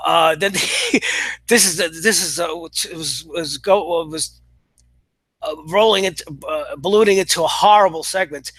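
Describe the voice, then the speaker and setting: A high-voiced man with a bright, tense tone gives a casual review monologue, sounding exasperated and sarcastic. He talks in halting bursts, stumbling over restarts and fillers. The sound is dry and close, with no room around it. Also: no room sound. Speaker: wrestling commentator.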